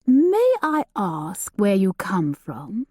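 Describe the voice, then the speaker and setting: A woman voicing a grieving older earl who speaks softly, slowly and earnestly. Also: medium pitch, wildly swooping pitch, dry recording, studio quality, exaggerated voice. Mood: gentle. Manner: soft, slow and solicitous.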